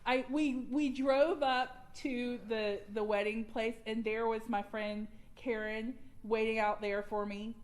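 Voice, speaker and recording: A woman's voice: a little high, steady tone, takes it slowly, few pauses. A young adult woman, candidly sharing her personal recovery story at a workshop and laughing at herself now and then. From Georgia, US.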